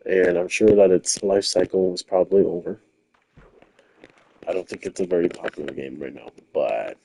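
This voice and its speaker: A young man talking quietly to himself while streaming a game late at night in his quiet home. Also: low voice, vocal fry, breathy edge, rough recording. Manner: quiet, rambling, self-talking. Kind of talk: casual late-night gameplay stream chat. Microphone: controller or headset mic held close.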